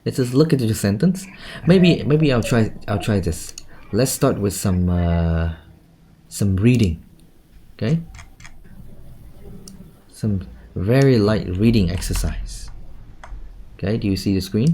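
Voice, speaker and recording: A man's voice: on the low side, expressive, slow pace, long pauses, dark tone, a little hiss or hum. A man coaching a student for a speaking test, correcting her often and ending phrases with "okay?". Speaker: IELTS speaking teacher.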